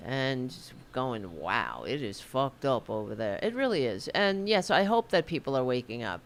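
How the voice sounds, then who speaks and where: Over a little hiss or hum, a middle-aged woman speaks in a bass voice with a New York accent. She's hosting a political livestream, rambling and swearing casually while fussing self-consciously over her hair.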